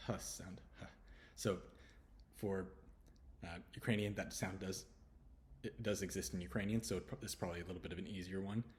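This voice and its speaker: A man from Houston, teaching letter sounds in a relaxed lesson and slowly repeating each sound. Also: low-pitched, a little hiss or hum. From Houston, Texas. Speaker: English pronunciation teacher. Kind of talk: casual spoken lesson.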